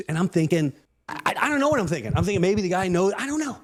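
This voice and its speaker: High, animated storyteller with a Long Island accent. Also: male voice, very fast. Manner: acts out every voice, keeps trailing off, voice gets louder when he acts angry. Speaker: comedian telling a story. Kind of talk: animated comedic storytelling on a podcast.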